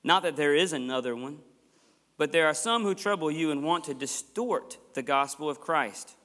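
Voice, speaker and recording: A man's voice: fairly high pitch, expressive, moderate pace, bright, forceful tone. A man preaching a sermon as pastor in a church sanctuary, passionate and emphatic, with folksy asides to the congregation. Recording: long echoey church hall reverb.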